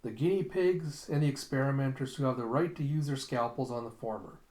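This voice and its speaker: Man doing smug mad scientist, cheerfully menacing, medium-low voice, echoey room. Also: brisk, a little mellow, close to an everyday voice.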